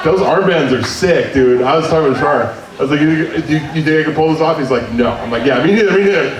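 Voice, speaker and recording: A man's voice: fairly high pitch, expressive, quick pace. A man hosting a live comedy show, rambling and self-deprecating as he introduces the next act. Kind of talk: casual stage banter. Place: comedy club stage. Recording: echoey live club, distant mic, crowd.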